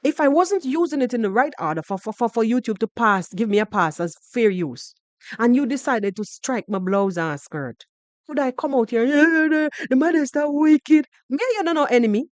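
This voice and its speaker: Animated Jamaican woman, mocking commentary. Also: on the high side, fairly quick, no echo. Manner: animated, mocking, switching into patois, repeating words. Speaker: podcast host reacting to other creators. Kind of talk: heated reaction commentary.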